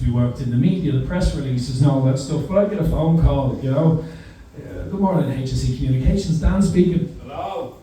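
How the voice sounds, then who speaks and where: A young man does self-deprecating, wry stand-up in a comedy club, cursing freely in a mellow, medium-pitched voice. He's far from the mic, and the roomy recording picks up slight background noise and the audience's laughter.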